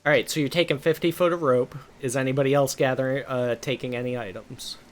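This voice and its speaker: This is a man in the game master's seat of a tabletop session, talking loosely and casually. He fills his narration with filler words and throws in the odd curse. His pitch sits in an ordinary middle range. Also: fairly even intonation, fast talker. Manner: loose and chatty, heavy on filler words and swearing.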